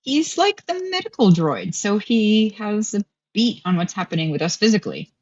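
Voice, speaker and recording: A woman's voice: medium pitch, sing-song, normal speed, darkish tone, no echo, dull audio. A woman playing a tabletop game, speaking casually in character and narrating her character's reactions. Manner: casual, with frequent fillers like "like". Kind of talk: in-character roleplay.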